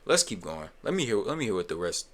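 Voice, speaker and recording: A man's voice: lowish voice, very animated, fast. Heated, swearing man reacting. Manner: heated, swearing, with sudden loud outbursts. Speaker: commentator reacting to a clip. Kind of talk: profane reaction commentary.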